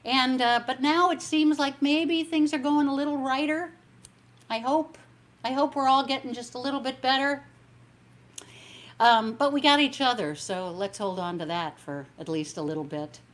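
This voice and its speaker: A woman singer hosts her own concert with piano music in the background, chatting casually and a bit meanderingly between songs while thanking viewers. Her voice is high and moves at a normal speed.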